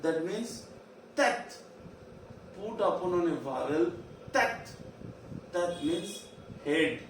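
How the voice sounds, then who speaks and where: A man with an Indian English accent teaching a virtual class, drilling terms slowly and repeating them. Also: fairly high pitch. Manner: slow, repetitive drilling of terms. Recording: echoey room, far from mic, faint hiss.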